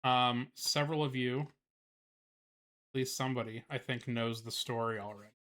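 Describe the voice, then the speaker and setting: A man's voice: medium pitch, fairly even intonation, a bit bright. A man on a live stream, chatting casually with lots of fillers before reading a children's book aloud. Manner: casual, filler-heavy, unhurried, swears.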